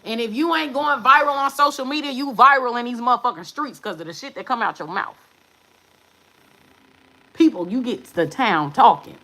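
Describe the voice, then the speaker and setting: A woman tarot reader talking to her viewers in a brash, profane, sassy way, with emphatic bursts and quick muttered asides. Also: fairly high pitch, bright, forceful tone, rough recording. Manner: emphatic, with sudden drops to mutters. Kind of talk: live tarot reading monologue.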